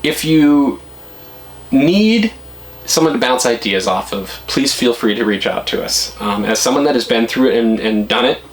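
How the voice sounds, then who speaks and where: A middle-aged man vlogging casual advice, blunt and animated, his pitch jumping up when he gets worked up. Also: normal speed, poor audio.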